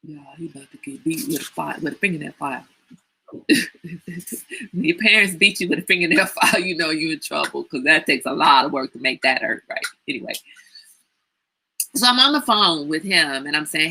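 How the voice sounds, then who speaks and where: A woman hosting a casual livestream, telling stories in an animated, teasing way and laughing often. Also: low-pitched, moderate pace, husky, poor audio. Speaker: livestream host.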